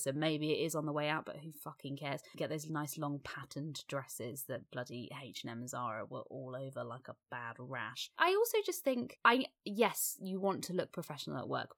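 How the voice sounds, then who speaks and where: A woman's voice: deep voice, a bit bright. A woman co-hosting a casual podcast, candid and sweary, rambling through her points. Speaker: podcast co-host.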